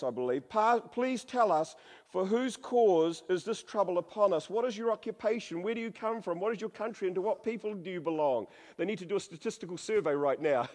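A man's voice: high voice, darkish tone. A man preaching a sermon, reading scripture dramatically and joking with the congregation. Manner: dramatic, humorous, varies voice for quotes. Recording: long hall reverb.

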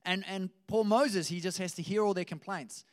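Guy preaching a sermon, casual storyteller, a bit high voiced. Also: steady tone, normal speed. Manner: conversational, storytelling with restarts. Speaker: pastor.

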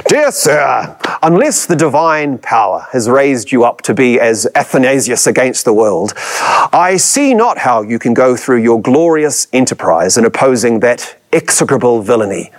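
A man's voice: mid-range voice, sing-song, normal speed, voice pushed down, lightly acted. A man putting on a posh, aristocratic upper-class English accent to voice an elderly clergyman reading a formal letter aloud in a solemn manner.

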